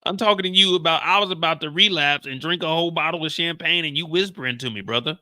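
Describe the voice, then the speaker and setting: An animated man riffs through a casual TV recap, slangy and joking. His voice sits a bit high with a bright, forceful edge. The sound is dry and close. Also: quick pace, dry recording. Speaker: show host.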